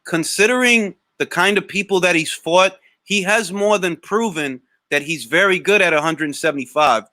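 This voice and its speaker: A man hosting a live boxing Q&A, answering chat comments in a blunt, slangy, animated way. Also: sits high, normal speed, no room sound. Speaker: boxing talk show host.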